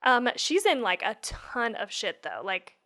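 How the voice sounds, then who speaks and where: A woman's voice: fairly high pitch, big pitch swings, unhurried, a bit bright. A woman co-hosting a podcast, chatting casually and laughing often, sometimes unsure how to say names. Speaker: podcast co-host. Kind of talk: casual chat.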